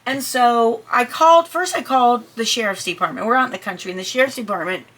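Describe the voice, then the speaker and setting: A middle-aged woman tells a personal story in a chatty, animated way, full of asides. Her voice sits a little high and rings bright and clear. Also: fast talker. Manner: animated, jumps high and shouts when quoting her own panic. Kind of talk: personal anecdote told to listeners.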